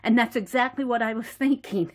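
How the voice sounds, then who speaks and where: A woman vlogger walking through her sketchbook in casual show-and-tell narration, chatty and quick to laugh. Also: a little high. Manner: chatty, laughs often, acts out little dialogues. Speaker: art journaling vlogger.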